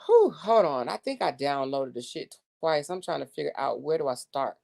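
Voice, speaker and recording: Gravelly woman hosting a blunt livestream. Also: sits low, very animated, normal speed, a little mellow. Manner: reads text messages aloud, exasperated and blunt, swears freely. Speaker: livestream host. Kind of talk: casual livestream commentary.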